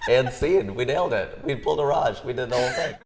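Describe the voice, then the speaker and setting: A man hosting a casual interview, talking fast and lively, his pitch jumping around as he jokes. He keeps it playful and brisk. Faint noise sits in the background. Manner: quick, playful, jokey. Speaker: host.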